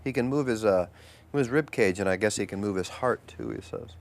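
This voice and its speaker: A man, an actor and guest, telling animated anecdotes and acting out the people in them with loud, high voices. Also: brisk.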